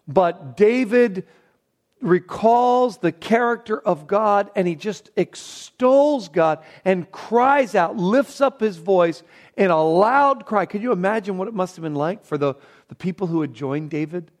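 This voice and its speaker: A man preaching a Bible sermon, dropping to a hushed, reverent tone and then rising into emphatic, repeated phrases. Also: sits high, animated, measured pace. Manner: swings between hushed reverent passages and raised emphatic bursts; repeats words when building a point. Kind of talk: expository sermon.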